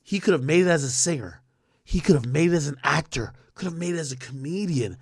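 A man's voice: a little high, quick pace, creaky, slightly rough, no room sound. Blunt, profane male streamer, dry sound. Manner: blunt, profane, chuckling asides. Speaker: streamer host. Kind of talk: casual reaction commentary.

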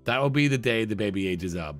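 Man, let's play commentary, chatty, laughing, animated pitch, quick character asides, faint background music. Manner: playful, chatty, often laughing; voices his game characters in quick asides. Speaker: gaming channel host.

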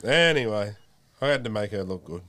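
A man's voice: fairly low pitch, animated, brisk, fairly bright tone. A man hosting a podcast in a jovial, loose, chatty way. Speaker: podcast host. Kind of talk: casual chat.

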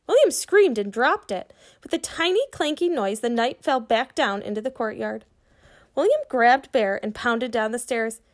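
A woman reads a children's chapter book aloud in a clear, slightly high voice. She stops now and then to quiz her young listeners before carrying on. Her delivery is steady, like a teacher at story time. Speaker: reader for children.

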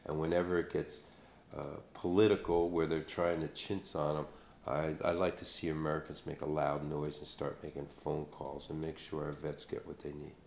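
Deep gravelly guy explaining things earnestly, roomy echo. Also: level tone, moderate pace, a little mellow, a little hiss or hum. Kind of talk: explanatory interview talk.

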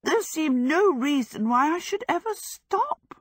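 A woman's voice: big pitch swings, very slow, a bit bright, dry recording, studio quality, exaggerated voice. A woman reading the part of a flustered ninety-year-old woman in an audiobook, calling out short cries. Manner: high, cried-out exclamations.

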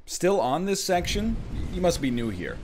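A man streaming a video game, reacting to chat with sarcastic, animated commentary and sudden shouts. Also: sits high, moderate pace, a little hiss or hum. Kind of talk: casual live-stream commentary while gaming.

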